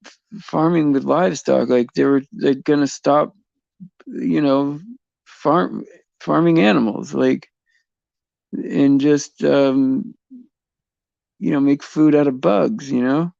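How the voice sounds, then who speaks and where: A man hosting a casual faith chat on a livestream, rambling and halting with many fillers, restarts and frequent chuckles. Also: medium pitch, creaky, darkish tone, dry recording, lo-fi sound.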